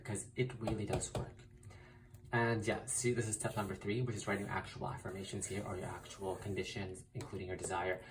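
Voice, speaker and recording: A man's voice: on the low side, recorded from a distance, a little hiss or hum, rough recording. A man teaching a spiritual writing technique in a casual, emphatic way, repeating key phrases and swearing mildly for emphasis. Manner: emphatic, repetitive, uses mild swearing. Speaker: spiritual content creator. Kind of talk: casual instructional vlog.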